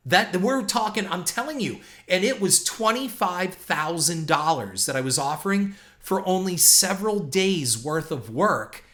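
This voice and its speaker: Blunt, swearing man with a bright voice. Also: fairly high pitch, big pitch swings, normal speed, few pauses. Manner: blunt, profane, storytelling with quoted exchanges. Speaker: podcast host and filmmaker. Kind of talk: ranting podcast monologue.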